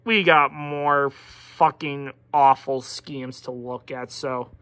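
A woman with a Pittsburgh accent giving a profane, exasperated product review, sliding from low muttering into loud outbursts. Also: fairly even intonation, slow. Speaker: diecast collector reviewer.

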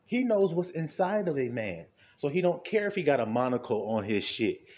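This male preacher talks through an informal sermon conversationally, with a sing-song, slightly mellow voice at normal speed. Rhetorical questions and frequent laughter punctuate his speech, which ranges from low murmurs to high exclamations.

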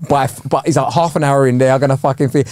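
A man co-hosting a podcast, trading quick banter and anecdotes. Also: medium pitch, steady tone, darkish tone, dry recording. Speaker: podcast co-host. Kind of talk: casual chat.

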